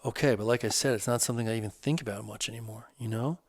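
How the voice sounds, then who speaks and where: A man voicing a divorced man in middle age opening up earnestly about an old hurt, in casual, halting speech. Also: medium pitch, no room sound, clean studio sound, lightly acted.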